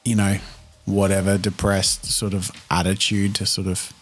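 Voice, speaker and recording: Easygoing low-voiced player. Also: male voice, flat delivery, normal speed. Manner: easygoing, hesitant, describes actions. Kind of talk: casual tabletop play.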